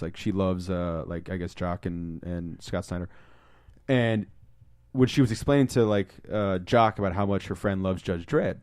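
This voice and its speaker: A young man co-hosting a podcast, telling stories in a casual, excitable way, swearing often and acting out what people said. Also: low voice, no room sound, studio quality. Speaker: podcast co-host. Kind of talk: casual storytelling chat.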